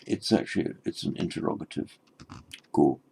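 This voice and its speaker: Brief: male teacher, deep gravelly voice, careful word-by-word scripture lecture. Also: expressive, moderate pace, mellow. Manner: thoughtful, explaining word by word with frequent restarts. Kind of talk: textual lecture on Pali scripture.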